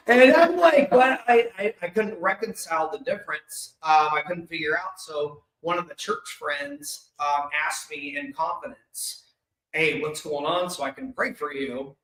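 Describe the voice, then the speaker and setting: A man with a bright, ringing, fairly high voice tells his own story to an audience. He talks openly and emotionally, with quick bursts of humor. The sound carries the echo of a large event hall. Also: expressive. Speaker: speaker sharing his life story. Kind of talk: candid personal storytelling to an audience. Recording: echoey hall.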